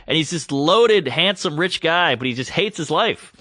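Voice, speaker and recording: A man in his thirties co-hosting a podcast, with a bright, edgy tone and a voice that leaps up and down as he talks. He reacts quickly and acts out what other people said, and the recording is close and dry. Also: a little high, no room sound. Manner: animated, quick reactions and acted-out quotes. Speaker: podcast co-host. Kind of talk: casual chat.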